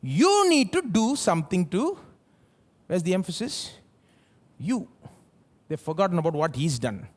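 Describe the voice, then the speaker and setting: A male pastor with an Indian English accent preaching at a live church service, asking the congregation rhetorical questions and swinging between loud and soft. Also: sits high, big pitch swings, measured pace, long pauses. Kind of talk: sermon.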